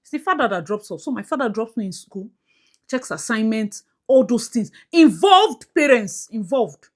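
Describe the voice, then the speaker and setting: A woman with a Nigerian accent chats to her audience in a casual commentary vlog. Her voice sits fairly high and leaps around with lively emphasis. She drops into pidgin-flavored phrases as she makes her point. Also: normal speed. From Nigeria, Port Harcourt. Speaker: YouTube commentator.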